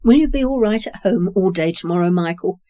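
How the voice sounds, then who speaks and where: A kindly, generous farmer, as a story reader gives him lines, steady and reassuring. The tone is mellow and dark, recorded close in a dry space. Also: male voice, high-pitched, a little fast, no room sound. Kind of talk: reading dialogue in a short story.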